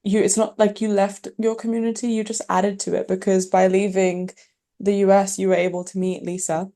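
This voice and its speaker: A woman's voice: mid-range voice, flat delivery, brisk, dark tone. A woman hosting a podcast interview, affirming her guest and summing up her story before asking what came next. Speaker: podcast host.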